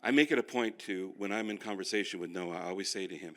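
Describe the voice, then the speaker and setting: A man's voice: low voice, fast talker, hardly any pauses, fairly bright tone. A male pastor teaching a class, who tells stories with self-mocking humor and speaks straight to the room. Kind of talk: humorous sermon-style teaching.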